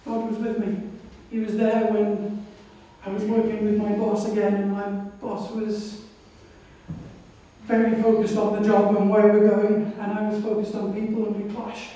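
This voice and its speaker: A woman's voice: mid-range voice, level tone, moderate pace, mellow, far from the mic. Woman preaching in an echoey hall. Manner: reflective, storytelling. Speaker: missionary speaker. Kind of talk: sermon with personal testimony.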